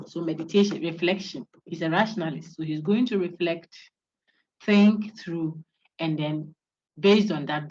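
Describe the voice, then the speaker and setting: A woman's voice: low voice, a little hiss or hum. A woman giving an online university philosophy lecture, coaching students to repeat names after her. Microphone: video call. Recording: dull lo-fi online call audio.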